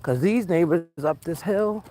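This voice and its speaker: A woman vlogging casually while walking outdoors, chatty and quick to laugh, talking to her dog along the way. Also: on the low side, dark tone, slight background noise. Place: outdoors on a residential street.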